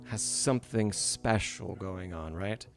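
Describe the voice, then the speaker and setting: A man's voice: deep voice, takes it slowly, creaky. Patient male piano teacher explaining. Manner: patient, explanatory, frequent "right?" and "yes?" check-ins. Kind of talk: live-streamed masterclass feedback.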